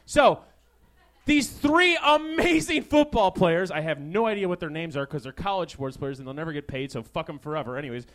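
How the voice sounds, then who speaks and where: A man's voice: a little high, lively intonation, fairly quick, fairly bright tone. A young man hosting a live comedy talk show, riffing through a crude, sarcastic stand-up monologue on a stage microphone. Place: small live comedy venue. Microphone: handheld stage microphone.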